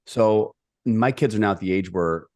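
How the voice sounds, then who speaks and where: A middle-aged man telling a personal story as a podcast guest, energetic and emphatic. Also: lowish voice, moderate pace. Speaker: podcast guest, executive coach.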